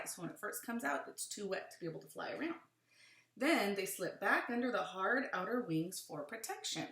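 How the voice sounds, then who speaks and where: Teacher reading aloud in an echoey room. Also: female voice, medium pitch, animated, normal speed, a bit bright. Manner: adds friendly asides to young pupils. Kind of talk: reading a picture book aloud to children.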